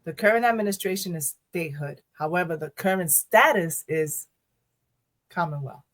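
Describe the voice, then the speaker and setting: A woman co-hosting a podcast in casual chat, animated, laughing often and repeating her phrases. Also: fairly low pitch, normal speed. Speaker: podcast co-host.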